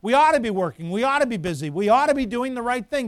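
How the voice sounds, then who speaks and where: A man, a pastor, preaching a sermon forcefully, building up loud and then dropping into quiet asides. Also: extremely high pitch, lively intonation, fast, few pauses, dry recording, clean studio sound.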